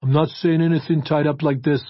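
A man voicing an angry, battered male private detective who talks back gruffly and defiantly. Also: fairly high pitch, level tone, fairly quick, dry recording, muffled recording, voice pushed up, natural voice. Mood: aggrieved.

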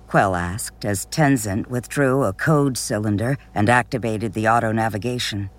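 A man reading a novel aloud in measured scripted narration, lifting his voice for quoted characters. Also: medium pitch. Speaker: audiobook narrator.

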